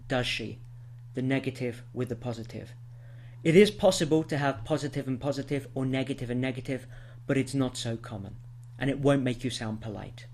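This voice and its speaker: A man's voice: medium pitch, a little mellow. Man teaching an English lesson. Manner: clear, patient explaining with spoken example sentences. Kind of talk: scripted lesson to camera.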